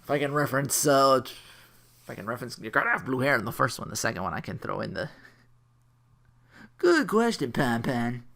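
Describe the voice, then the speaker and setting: A man's voice: mid-range voice, quick pace, gravelly, sharp tone. A man giving a casual, rambling, jokey anime review, correcting himself and laughing as he goes.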